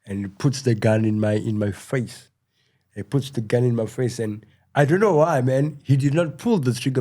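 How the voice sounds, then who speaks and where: Appearing as a guest on a podcast, a middle-aged man from South Africa recounts his story in a relaxed interview with a mid-range voice. He rambles, fills his speech with "you know" and drops his voice at tense points.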